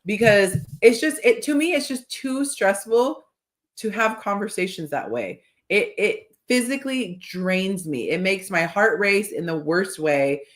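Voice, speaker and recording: A woman hosting a podcast in casual chat, telling stories with animated quoted voices. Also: medium pitch, measured pace. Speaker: podcast host.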